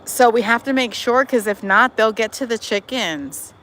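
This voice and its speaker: A woman with a slightly high voice hosts a livestream in her backyard at a moderate pace, cheerfully reading comments aloud and calling viewers y'all. The low-quality audio includes faint outdoor sounds and passing traffic.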